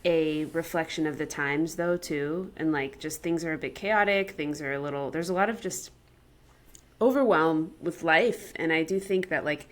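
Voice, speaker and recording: A woman's voice: low-pitched, normal speed. A woman co-hosting a podcast, talking in a rambling, casual way with many fillers. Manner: rambling, heavy use of "like". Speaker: podcast co-host. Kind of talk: casual conversation.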